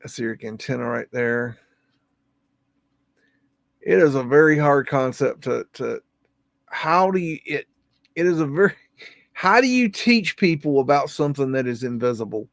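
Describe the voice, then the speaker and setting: A man's voice: mid-range voice, lively intonation, moderate pace, vocal fry, pauses often, no echo. A man hosting a live stream, musing in a folksy, casual way as he comments on old photos. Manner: folksy, drawling, musing aloud.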